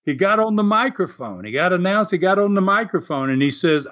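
An older man with a drawl spins lively wrestling yarns, chuckling through them. His voice sits fairly high for a man, and the recording sounds dull and lo-fi. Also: fairly quick, few pauses. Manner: animated storyteller, laughs often. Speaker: former wrestler, guest. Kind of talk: storytelling interview.

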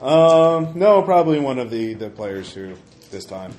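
Halting male game master, echoey room. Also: mid-range voice, sing-song, darkish tone. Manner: halting, with many ums and uhs. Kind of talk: narrating a tabletop game. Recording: echoey room with faint noise.

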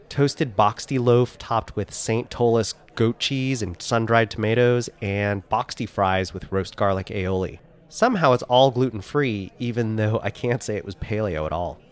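A man with a stuffed-up nose from a cold, telling travel and food stories in a casual chat with his co-host. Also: medium pitch. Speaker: podcast co-host.

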